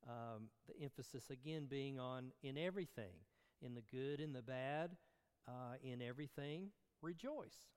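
A male pastor preaching a sermon in a smooth, resonant voice, earnest and unhurried, with filler ums and self-corrections along the way. His voice rings out with a long reverb, as if from a large hall. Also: mid-range voice, darkish tone.

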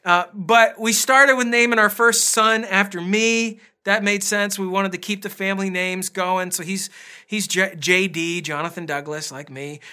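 A man's voice: sits high, steady tone, moderate pace, sharp tone, clear, resonant tone. A man pastor preaching a casual, conversational sermon, telling family stories with self-deprecating asides.

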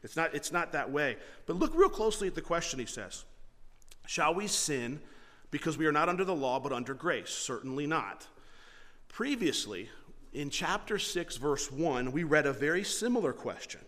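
Guy preaching a sermon, casual and stumbly, restarts a lot, slightly high voice. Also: lively intonation, normal speed, a bit bright, in a large hall. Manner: conversational preaching with frequent restarts and repeated words. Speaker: pastor.

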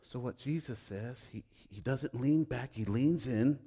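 A middle-aged male pastor preaching a sermon, swinging between loud emphatic lines and hushed quiet ones. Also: mid-range voice, a little slow, husky.

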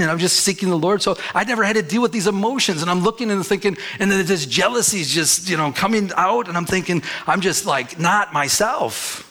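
A middle-aged male pastor telling a personal story in a sermon, animated and conversational, acting out his own past words. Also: sits high, fast, few pauses. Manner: storytelling, animated when quoting himself.

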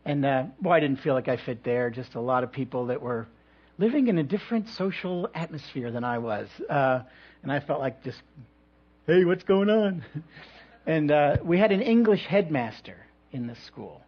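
A male pastor delivering a sermon in a measured way, with reflective pauses and touches of light humor. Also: mid-range voice, lively intonation, husky. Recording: dull lo-fi recording.

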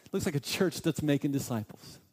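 A man in his thirties preaching a sermon as a pastor, earnest and quick to act out the voices of people in his stories. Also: on the high side, lively intonation, a little mellow. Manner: earnest, acts out quoted voices in his storytelling. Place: church sanctuary. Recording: long hall reverb.

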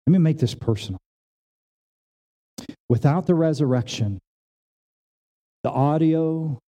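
This pastor delivers his sermon at a church service using simple words and familiar, everyday illustrations. He alternates between loud, emphatic statements and quiet, hushed passages.

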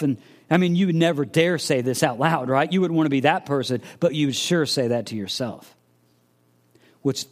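A man preaching a sermon, earnestly asking searching questions and acting out the voices of imagined listeners. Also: mid-range voice. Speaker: pastor.

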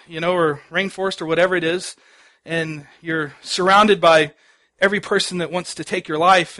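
A pastor giving a sermon, telling stories in a conversational way with many fillers. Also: male voice, on the high side, fairly bright tone. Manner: conversational storytelling with frequent fillers.

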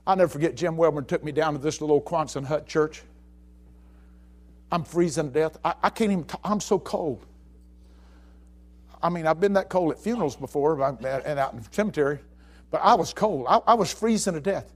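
A man preaching a sermon, telling a story with stammered restarts and swinging between hushed lines and shouts. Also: a little high, a little fast, long pauses.

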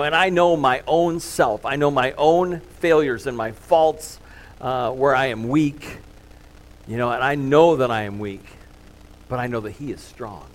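A middle-aged male pastor delivering a sermon. He talks casually, with lots of ums and uhs, and pokes fun at himself as he goes. His voice sits at an ordinary, mid-range pitch for a man. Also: rough recording. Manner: conversational and self-deprecating, with many fillers.

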